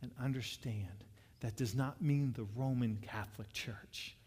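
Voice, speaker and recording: A man's voice: medium pitch, measured pace, darkish tone, breathy edge. Male pastor preaching in a reverberant hall. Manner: conversational storytelling with frequent restarts. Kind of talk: sermon.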